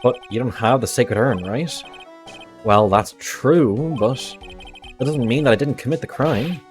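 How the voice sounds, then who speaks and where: A man's voice: mid-range voice, measured pace, faint music behind, close to an everyday voice. A man doing a nervous young man confessing eagerly.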